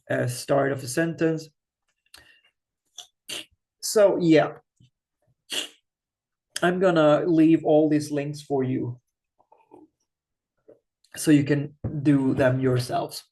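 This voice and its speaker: Slow, patient male language teacher. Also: medium pitch, little pitch movement, creaky, mellow. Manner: thinks aloud, slow and patient, frequent restarts. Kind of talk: screen-share grammar lesson.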